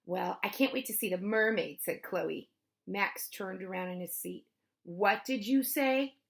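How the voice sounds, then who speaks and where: A woman reading a children's chapter book aloud, lively, with her pitch rising for the kids' lines and dropping for the narration tags. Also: moderate pace, gravelly. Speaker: storybook reader. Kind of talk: children's read-aloud with character voices.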